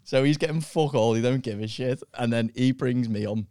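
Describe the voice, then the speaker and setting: A man's voice: medium pitch, brisk, a little mellow, no echo, studio quality. A male comedian telling rowdy gig stories on a podcast, laughing as he talks and swearing casually. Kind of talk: casual chat, storytelling.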